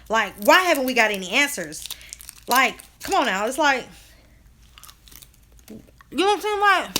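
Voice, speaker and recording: Woman w/ on a live chat, talks right to viewers, bright clear voice, kinda high. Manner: animated, drawling, talks straight to viewers. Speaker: co-host of a live video chat. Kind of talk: casual live-stream chat reading comments.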